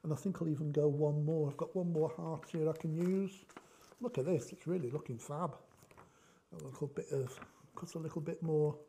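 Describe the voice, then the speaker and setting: A man's voice: a little high, steady tone, moderate pace, mellow. A middle-aged man hosting a chatty craft tutorial, joking and thinking aloud as he works. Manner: jokey, rambling, thinks aloud. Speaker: craft demonstration host.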